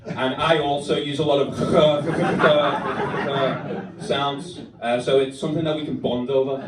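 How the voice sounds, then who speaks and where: A man's voice: mid-range voice, fairly even intonation, brisk, crowd noise. A young man with a Scouse accent performing stand-up, dry and self-deprecating, with many "uh" fillers. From Liverpool, England. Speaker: stand-up comedian. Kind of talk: stand-up set. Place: comedy club stage. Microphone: stage microphone. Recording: echoey club recording from a distance. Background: audience laughter.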